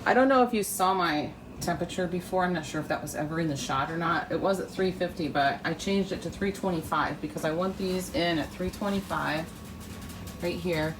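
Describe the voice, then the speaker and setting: A woman's voice: lowish voice, brisk. Chatty woman in a noisy kitchen. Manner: chatty, laughs often. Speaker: vlogger. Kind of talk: casual cooking vlog chat. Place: home kitchen.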